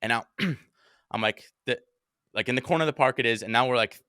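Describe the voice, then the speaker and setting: A young man hosting a podcast, casually telling a story with lots of swearing and animated quotes. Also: mid-range voice, fast, dry recording, studio quality. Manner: animated, swears often, acts out his own panicked quotes.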